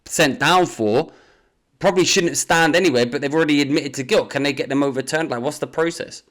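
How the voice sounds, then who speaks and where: A man's voice: on the high side, a little fast, a bit bright. A man co-hosting a casual political podcast, incredulous and stressing key words. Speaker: podcast co-host.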